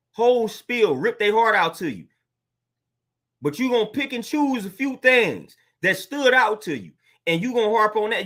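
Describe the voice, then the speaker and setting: High, bright-voiced man preaching casually. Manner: earnest and preachy, repeats "man" and "fam". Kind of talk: casual motivational monologue.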